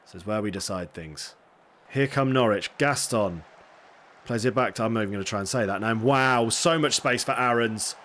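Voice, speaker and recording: A man casually commentating his own football management game, getting excitable and swearing when things go wrong. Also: fairly low pitch, moderate pace. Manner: excitable, swears when frustrated, self-deprecating asides. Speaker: gaming streamer.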